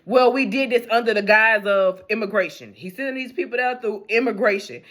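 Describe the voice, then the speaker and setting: A woman's voice: on the high side, a little fast, fairly bright tone. A young adult woman, giving her blunt, rambling, profane opinions in a casual unscripted news rant. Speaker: news commentator vlogger.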